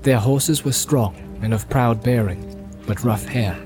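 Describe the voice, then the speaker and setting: A man reading a fantasy audiobook in a steady, measured storytelling voice. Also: medium pitch, music in the background. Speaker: audiobook narrator. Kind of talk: scripted narration.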